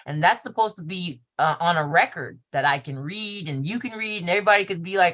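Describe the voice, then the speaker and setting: A woman's voice: on the low side, brisk, hardly any pauses, a bit bright. A woman teaching on an online video call, explaining in a blunt, skeptical, matter-of-fact way. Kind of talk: casual group call, explaining.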